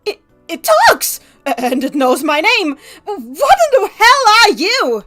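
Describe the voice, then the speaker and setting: A woman voicing a bold, brash boy hero from a game, who talks loudly and stammers when startled. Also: very high-pitched, big pitch swings, moderate pace, soft background music, full character voice.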